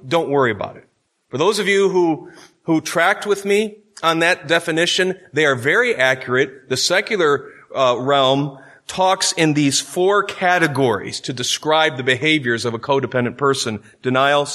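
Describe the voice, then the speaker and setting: A man's voice: fairly high pitch, pushed and bright. Emphatic man teaching a Bible class. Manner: conversational and emphatic, checking in with "okay?".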